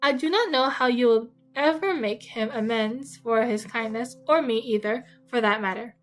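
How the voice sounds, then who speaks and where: A woman voicing a fretful, excitable middle-aged mother, complaining in a shrill, fussy way. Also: moderate pace, soft background music, close to an everyday voice, poor audio. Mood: fussing.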